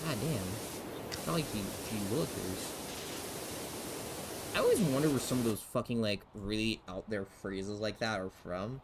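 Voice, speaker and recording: A young man streaming a game, muttering to himself, swearing casually and jumping into squeaky outbursts. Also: moderate pace. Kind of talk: casual gameplay commentary. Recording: steady background hiss.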